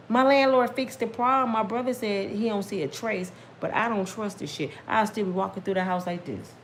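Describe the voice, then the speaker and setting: A middle-aged woman telling a personal story casually and emphatically to her viewers, talking straight to them, breaking into religious exclamations and climbing high when worked up. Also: normal speed, slight background noise. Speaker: storyteller vlogger.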